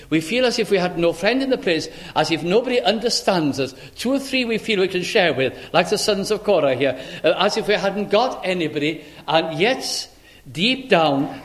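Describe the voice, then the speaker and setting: A man preaching a sermon, expressive, acting out the voices of the people he quotes. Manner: expressive, acts out quoted voices with wide pitch swings.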